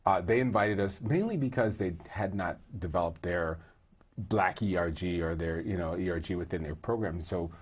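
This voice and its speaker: A man with a low, slightly husky voice speaks as an interview guest. He talks earnestly and conversationally, slipping into stories and restarting his sentences as he goes. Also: moderate pace. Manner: earnest, storytelling, many fillers and restarts. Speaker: guest, employee group co-leader.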